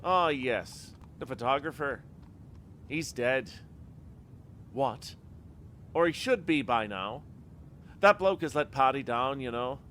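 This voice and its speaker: A man's voice: medium pitch, expressive, takes it slowly, long pauses, fairly bright tone, a little hiss or hum. A man voicing a suspicious, bullying tavern doorman in a put-on working-class London accent, blunt and menacing. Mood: sneering.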